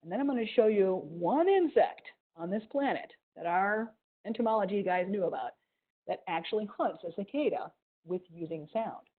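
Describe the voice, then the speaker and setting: A museum educator with a mild Ohio accent gives an animated, playful science lesson to children over a video call, adding little sound effects. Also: female voice, mid-range voice, normal speed. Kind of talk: live online science lesson for kids. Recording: tinny video call audio.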